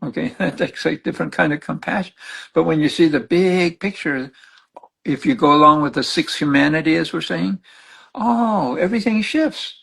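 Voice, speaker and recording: An older man speaks as a spiritual counselor, his voice gravelly and husky and a touch higher than most men's. He teaches in a loose, animated way, acting out what his clients said as he tells their stories. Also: fairly quick, rough recording. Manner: animated storytelling, acts out clients' words. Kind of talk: conversational teaching.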